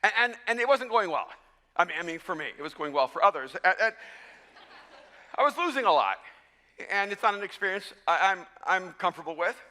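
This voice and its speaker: A man's voice: high voice, lively intonation, brisk, bright, forceful tone. A man in his fifties or older preaching a sermon, telling stories with self-deprecating humor and frequent restarts. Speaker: pastor. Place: large church auditorium. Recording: long reverb of a large hall.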